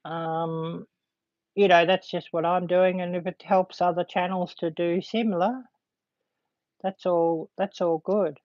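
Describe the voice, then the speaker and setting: A woman hosting a casual livestream, chatting to viewers in a halting way full of ums. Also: on the low side, steady tone, darkish tone, no room sound. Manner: halting, filled with frequent ums. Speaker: livestream host. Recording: dull lo-fi dry sound.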